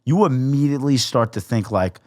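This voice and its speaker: A young man, a podcast guest, telling a story in a casual, profane, animated way and acting out the quotes. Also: mid-range voice, a little fast, no echo, studio quality.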